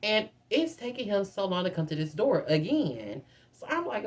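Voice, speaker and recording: A woman in her twenties telling a storytime in a chatty, animated way, constantly addressing her viewers as "girl.". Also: mid-range voice, brisk, few pauses. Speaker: vlogger. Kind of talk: casual storytime.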